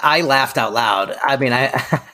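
A woman's voice: rumbling low, a little slow, bright, forceful tone. A woman co-hosting a podcast, chiming in with enthusiastic reactions and laughter while a sitcom episode is recapped. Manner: enthusiastic, repeats herself, laughs. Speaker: podcast co-host.

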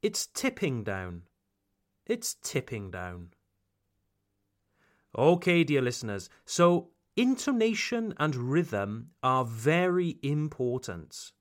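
A British man hosting a language lesson podcast, speaking slowly and emphatically like a teacher and drawing out example phrases. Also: mid-range voice, wildly swooping pitch. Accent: British English. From Britain. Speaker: English teacher, podcast host.

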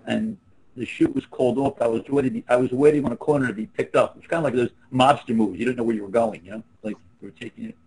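A man's voice: mid-range voice, fast talker, a little mellow, a little hiss or hum, rough recording. A man in his seventies, a guest on a video call, telling rambling anecdotes that trail off. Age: 70s. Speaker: interview guest. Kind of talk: casual storytelling on a video call.

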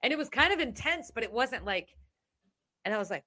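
A woman with a bright voice talks fast, rambling and letting her sentences trail off quietly. The recording is close and dry. She reads out listener questions as a co-host. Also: mid-range voice, very animated, no echo. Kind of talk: casual spiritual chat.

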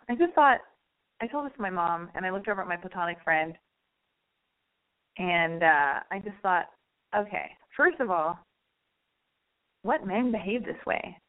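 Exasperated woman telling a story over a tinny line. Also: medium pitch. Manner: animated, exasperated, acts out quotes; chatty, addresses listeners directly. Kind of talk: casual anecdotal storytelling.

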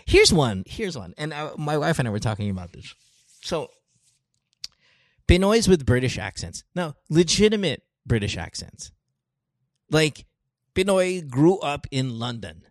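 A man with a Filipino accent hosts a casual talk show and tells his stories in an animated way, with his pitch swinging widely. He drops Tagalog phrases into his English. The recording is dry and close, with no room sound. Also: unhurried, long pauses, no room sound. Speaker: podcast host. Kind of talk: casual chat.

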